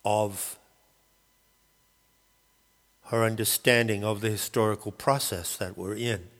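A man calling himself a shaman, rambling through a halting spoken monologue and often searching for the right word. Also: fairly low pitch, fairly even intonation, fairly bright tone, in a large hall. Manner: halting, searching for words, many restarts. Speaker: self-described shaman.

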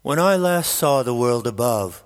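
A man voicing a regal, wistful queen of the dead in an audiobook, his tone husky and measured, with a long reverb on the recording. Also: mid-range voice, animated, close to an everyday voice. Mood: pensive. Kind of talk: audiobook character reading.

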